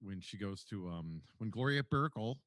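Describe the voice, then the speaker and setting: A man's voice: fairly low pitch, animated, normal speed, fairly bright tone, dry recording, studio quality. A man co-hosting a podcast, gushing about a TV show, swearing freely and stumbling over restarts. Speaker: podcast co-host. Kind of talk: casual chat.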